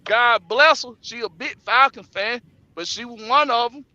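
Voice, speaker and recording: A man's voice: extremely high pitch, moderate pace, pushed and bright, no room sound, dull audio. A man co-hosting a live stream, joking loosely and profanely about football. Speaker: podcast co-host. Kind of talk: casual joking banter.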